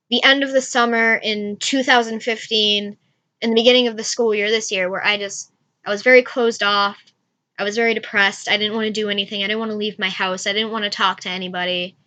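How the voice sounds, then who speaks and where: A young woman vlogger tells a story in a gushing, rambling flow, scattering "like" through every sentence. Her voice sits fairly high and sounds bright and forward. The recording is dull and lo-fi, with a dry close sound. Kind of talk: casual storytelling to camera.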